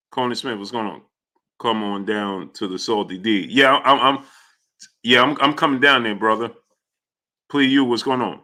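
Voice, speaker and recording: A man's voice: medium pitch, measured pace, long pauses, bright, forceful tone. A man hosting a live boxing talk stream, talking emphatically with repeated fillers and frequent "you understand?". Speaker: sports talk show host.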